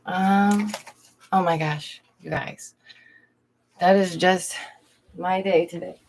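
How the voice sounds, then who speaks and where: Young woman, casual livestream chat, low-pitched voice, frequent laughs, talks directly to viewers, indoors at home. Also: steady tone, slow pace, a little mellow. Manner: chatty, laughs often, addresses viewers directly. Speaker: streamer and art teacher.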